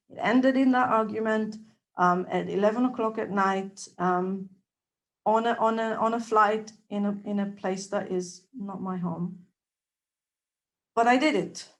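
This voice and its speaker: A woman giving a testimonial, telling a personal story in an animated way, moving between soft asides and emphatic lines. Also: mid-range voice. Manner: animated, acts out dialogue, loudness swings between soft and emphatic. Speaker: trainee observer giving a testimonial.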